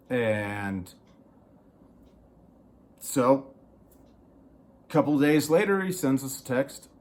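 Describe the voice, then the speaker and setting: A man's voice: mid-range voice, animated, takes it slowly, long pauses. Swearing man ranting about his landlord. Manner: heated, swearing often, acts out others' lines. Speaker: vlogger. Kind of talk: casual ranting storytelling. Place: small studio apartment.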